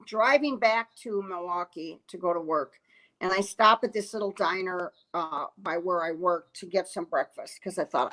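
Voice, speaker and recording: A woman's voice: medium pitch, lively intonation, moderate pace, pushed and bright, rough recording. A woman, a comedian telling a story in a casual chat, acting out quotes and laughing often. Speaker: comedian guest.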